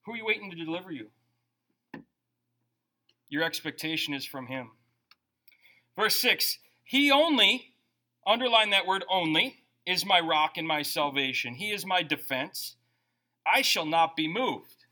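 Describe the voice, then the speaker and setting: A middle-aged man preaching a sermon as a pastor, conversational and animated, his volume rising and dropping. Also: a little high, measured pace, pauses often.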